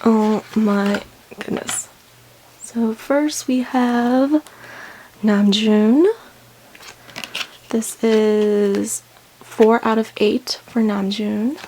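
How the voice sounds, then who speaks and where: Breathless, gravelly-voiced woman unboxing. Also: fairly high pitch, extremely slow, pauses often, a little hiss or hum. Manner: excited, breathless, many ums, gushing. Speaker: unboxing vlogger. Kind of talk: casual unboxing chat.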